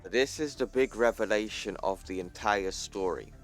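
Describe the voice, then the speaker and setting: A man's voice: fairly low pitch, moderate pace, soft background music. Sex: male. Style: casual comic story recap. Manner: casual, plainly retelling panels. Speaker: YouTuber.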